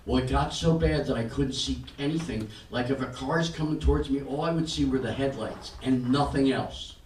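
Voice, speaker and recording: An older male comedian works a small club crowd, his voice carried through a roomy space and picked up from some distance off. He tells his stories flatly and drops into quick acted-out lines for the people in them. A faint hum of the room sits under him. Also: mid-range voice. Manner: deadpan storytelling with acted-out quotes. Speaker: stand-up comedian. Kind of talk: stand-up set. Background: audience laughter and room noise.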